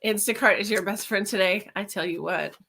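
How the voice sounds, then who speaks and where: A woman's voice: mid-range voice, fairly quick, gravelly, sharp tone, slight background noise. A woman giving live-stream tarot readings, chatting with viewers and calling them honey and darling. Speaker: tarot reader.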